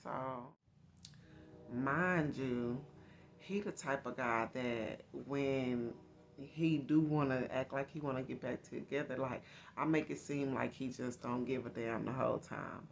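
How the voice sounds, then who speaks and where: A woman's voice: a bass voice, unhurried, vocal fry, slight background noise. A woman host telling her own life story to her viewers in a candid, confiding, casual way.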